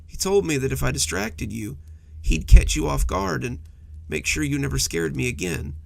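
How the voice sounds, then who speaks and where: Man voicing a timid monster under a bed, stammering, pleading, high, lively pitch, gravelly edge. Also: moderate pace, heavily acted. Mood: apologetic.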